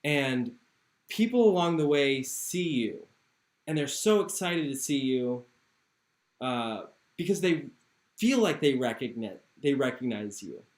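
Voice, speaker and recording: A man's voice: mid-range voice, lively intonation, a little slow, echoey room. A man narrating a tabletop game as game master in an easygoing way, on an online call. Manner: easygoing, many fillers.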